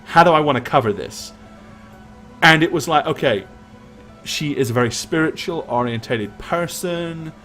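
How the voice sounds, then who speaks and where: A man's voice: on the high side, lively intonation, moderate pace, pushed and bright, soft background music. Rambling man recapping a game stream. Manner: rambling, restarts sentences often. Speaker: game master and co-host. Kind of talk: casual recap chat.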